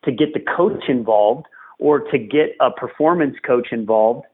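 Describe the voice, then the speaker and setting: A man speaking as a podcast guest, coaching parents in an earnest, emphatic way and hammering home key phrases. His voice sits at an average pitch. It comes through a narrow, tinny remote line that sounds like a phone call. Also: moderate pace, slightly rough. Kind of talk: podcast interview, advice.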